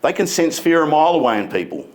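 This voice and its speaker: A man giving a motivational keynote speech on a conference stage, emphatic and deliberate, stretching key words. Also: on the high side, very animated. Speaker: keynote speaker.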